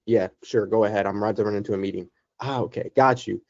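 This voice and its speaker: A man's voice: on the low side, fairly even intonation, fast talker, few pauses, darkish tone. A man on a sales team call, talking casually through an example question. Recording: muffled lo-fi call audio.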